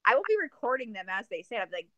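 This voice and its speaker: A woman co-hosting a podcast in casual chat, joking and rambling through plans in an animated way. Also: a little high, rapid-fire, a crowd in the background. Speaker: podcast co-host.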